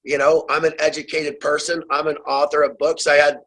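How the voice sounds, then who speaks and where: A man's voice: fairly high pitch, level tone, fairly quick, fairly bright tone, rough recording. A man speaking as a guest author on a remote call, urgent and fiery, appealing straight to his listeners. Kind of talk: impassioned advocacy talk.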